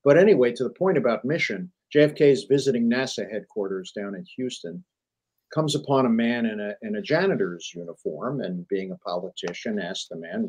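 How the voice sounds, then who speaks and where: A middle-aged man, a journalist and author, telling business stories in a lively, emphatic way as a guest on an interview show. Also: on the low side, fairly quick, husky, low-quality recording. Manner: animated storyteller, emphatic repetition. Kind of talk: conversational interview.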